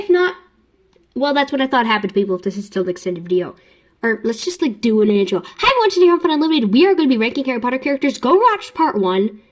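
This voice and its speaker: A young woman vlogging casually, talking fast, rambling and interrupting herself with giggles. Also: a little high. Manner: giggly and chatty. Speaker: YouTube vlogger. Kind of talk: casual ranking vlog.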